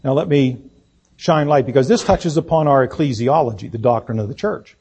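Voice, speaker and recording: A man preaching a sermon as pastor, speaking deliberately and emphatically, with fillers and restarts. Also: medium pitch, gravelly, darkish tone, husky. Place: church sanctuary.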